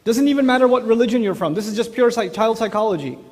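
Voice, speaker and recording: Expressive and quick, a man's high-pitched voice fills a big room as he speaks about parenting from a religious angle. He chats with the crowd, asking them rhetorical questions along the way.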